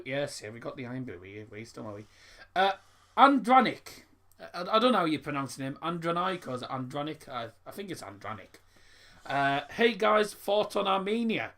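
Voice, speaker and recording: A man's voice: a little high, a bit bright. A young man, hosting a casual live football stream and rambling through stories and viewer messages with lots of restarts. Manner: rambling, stumbles and repeats words.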